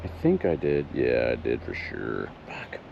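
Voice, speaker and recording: Streamer guy on a trail, lively up-and-down delivery, self-deprecating chatter over noisy outdoor mobile audio. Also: a bass voice, unhurried, creaky, lo-fi sound. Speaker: live streamer. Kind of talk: live-streamed hiking vlog, chatting with viewers. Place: outdoor hiking trail in a wooded valley.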